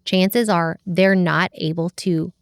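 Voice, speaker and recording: A woman's voice: lowish voice, fairly even intonation, slow, clear, resonant tone, dry recording, studio quality. A woman talking through parenting in an earnest, reflective way as a podcast guest. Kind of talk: casual conversation about parenting.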